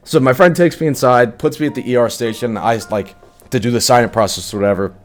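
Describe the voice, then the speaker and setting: A man's voice: medium pitch, fast, faint music behind. A young man telling a personal story in a casual vlog, swearing often and filling it with likes. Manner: casual, profane, full of likes.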